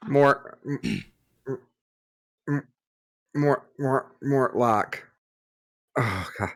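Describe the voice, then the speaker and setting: A man's voice: medium pitch, very slow. A man playing a tabletop game, talking earnestly in character with stammers. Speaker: player.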